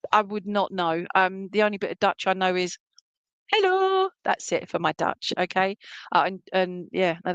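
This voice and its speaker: A woman's voice: mid-range voice, fairly bright tone, no echo. A woman working as a spiritualist medium, giving a chatty, reassuring reading with lots of fillers at an online service from a room at home.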